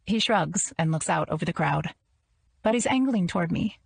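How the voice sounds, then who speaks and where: A woman narrating an audiobook in the first person, in an even, measured reading. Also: lowish voice, gravelly, breathy edge, no room sound.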